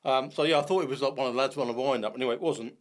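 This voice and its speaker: Fast-talking man telling stories. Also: medium pitch. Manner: animated, acts out dialogue, frequent restarts. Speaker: podcast guest, bait company founder. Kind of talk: casual podcast storytelling.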